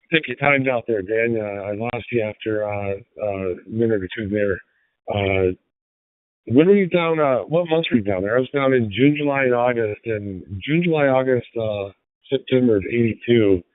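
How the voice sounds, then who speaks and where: A man's voice: mid-range voice, expressive, moderate pace, dry recording. A man in his sixties chatting in a laid-back, dry-humored way on a ham radio net. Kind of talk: casual radio chat. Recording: tinny radio transmission.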